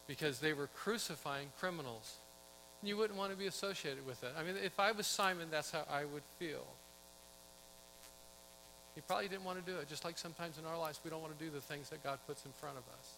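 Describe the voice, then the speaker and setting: A man's voice: a little high, fairly quick, creaky, pushed and bright, in a large hall, slight background noise, rough recording. A man pastor preaching a conversational sermon, asking his congregation questions and acting out quotes.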